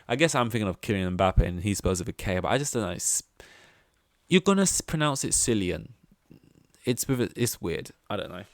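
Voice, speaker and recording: A man's voice: lowish voice, dry recording, studio quality. A young man hosting a casual solo podcast, rambling and chatty, with self-deprecating asides and lots of fillers. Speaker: podcast host.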